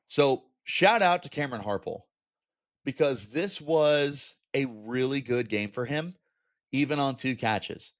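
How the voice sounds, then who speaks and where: Candid man breaking down a football loss. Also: medium pitch. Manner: candid, animated, with exasperated asides. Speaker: sports podcast host. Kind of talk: casual sports commentary.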